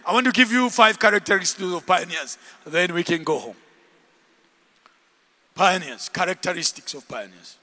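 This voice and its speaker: High, bright-voiced man preaching in a hall. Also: moderate pace, pauses often. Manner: animated preaching with shouts and laughter. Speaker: pastor. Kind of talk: sermon. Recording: long hall reverb.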